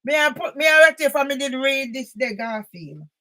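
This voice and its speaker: Woman, high voice, angry rant at one guy, keeps shouting bits out. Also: lively intonation, normal speed. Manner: angry and confrontational, repeated emphatic loud bursts. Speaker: author and campaigner. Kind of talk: ranting monologue addressed to one person.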